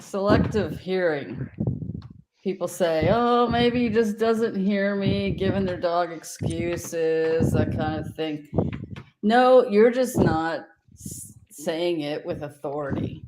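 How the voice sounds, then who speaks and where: A woman's voice: low-pitched, takes it slowly. Woman dog trainer, direct and confident, on a noisy video call. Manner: direct, confident, demonstrates tones of voice. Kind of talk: casual instructive chat.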